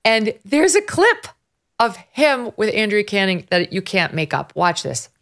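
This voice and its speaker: A woman hosting a podcast, telling a story in an animated way with quick asides. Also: mid-range voice. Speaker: host. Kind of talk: casual podcast commentary.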